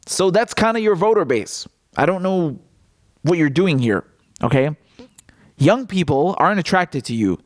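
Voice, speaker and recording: Animated, mocking male political commentator. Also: sits high, no echo, studio quality. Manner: mocking, animated, laughs often. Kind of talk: casual commentary vlog.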